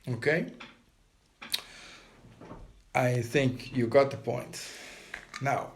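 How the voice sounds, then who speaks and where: A man leading a guided meditation, giving calm step-by-step breathing instructions. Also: mid-range voice, drawn-out words, a little hiss or hum.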